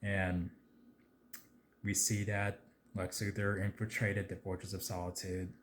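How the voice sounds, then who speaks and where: A man chatting casually about a movie trailer, rambling with lots of fillers and getting excitable at times. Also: sits low, unhurried, slight background noise. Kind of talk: casual video commentary.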